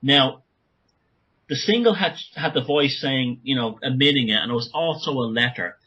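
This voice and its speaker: A man talking as a guest author on a podcast interview, speaking urgently in rapid bursts with many restarts. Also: mid-range voice, bright, forceful tone, breathy edge, highs cut off.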